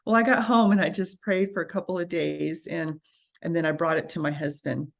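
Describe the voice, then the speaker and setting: A woman, a registered nurse, telling her story as a guest in a casual interview, animated and acting out the voices she quotes. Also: on the low side, normal speed, creaky.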